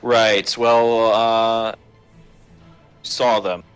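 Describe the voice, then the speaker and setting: A man acting as game master, narrating a tabletop game in an easygoing, unhurried way on a live stream. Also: on the low side, level tone, smooth, faint music behind.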